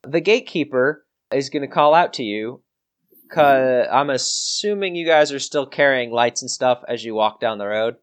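A man's voice: medium pitch, animated, moderate pace. A man running a tabletop game, describing scenes in a loose, rambling way full of fillers and restarts. His voice sits in an ordinary middle range. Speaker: game master.

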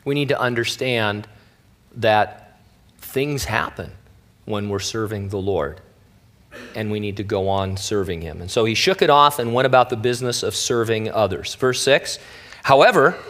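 Male pastor, mid-pitched voice, casual wry sermon with playful asides. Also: animated, unhurried, fairly bright tone. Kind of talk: conversational Bible teaching.

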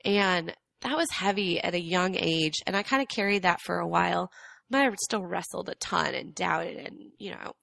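A young adult woman in Atlanta speaks at normal speed in a fairly low, creaky, slightly bright voice, recorded dry. As a guest on a casual podcast, she tells her story reflectively and earnestly with many fillers, her voice cracking from allergies.

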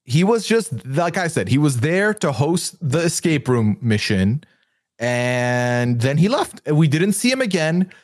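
Excitable podcast guy chatting, bouncy voice, dry sound. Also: fairly high pitch, measured pace, no room sound. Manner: animated, playful, excitable. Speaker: podcast co-host. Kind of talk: casual recap chat.

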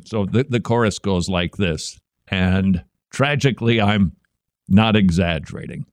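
A man's voice: low-pitched, unhurried, no echo, clean studio sound. A man hosting a comedic commentary show, sarcastic and mocking as he talks. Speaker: podcast host.

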